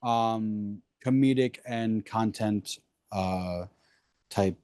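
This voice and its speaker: A man's voice: fairly low pitch, drawn-out words, mellow, clean tone, no echo, studio quality. A man who is a musician, rambling as a guest in a casual podcast chat, self-deprecating and laughing often.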